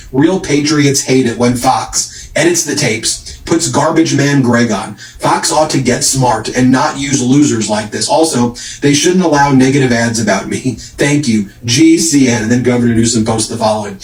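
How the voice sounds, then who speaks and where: A man hosts a political commentary video, reading out social media posts one after another. His voice sits at an ordinary middle pitch, and his emphatic, mocking delivery plays up the quoted lines. The room around him adds a noticeable echo. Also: moderate pace, few pauses. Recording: roomy echo.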